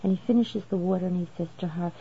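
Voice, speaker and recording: A woman's voice: fairly low pitch, fairly even intonation, quick pace, creaky, muffled recording, a little hiss or hum. A woman teaching a Torah lesson, explaining step by step and posing rhetorical questions to her listeners. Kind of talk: religious lesson.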